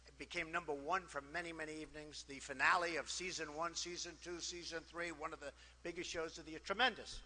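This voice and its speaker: A man's voice: on the high side, steady tone, quick pace, pushed and bright, slight background noise. A man giving a campaign rally speech in a boastful, repetitive, conversational way, with many asides. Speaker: political candidate. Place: large rally hall. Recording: long hall reverb from PA.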